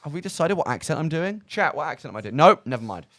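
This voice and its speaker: Rambling, lively-voiced radio host, a man. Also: a little high, fast, no room sound, clean studio sound. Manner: rambling, self-mocking, lots of fillers. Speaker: radio charity stream host. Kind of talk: casual live radio chat. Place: small radio studio. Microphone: studio microphone.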